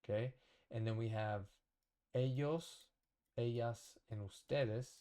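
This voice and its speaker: A man's voice: medium pitch, takes it slowly, dark tone. A man teaching a casual whiteboard lesson, thinking aloud, correcting himself and checking in with the viewer. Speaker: language teacher.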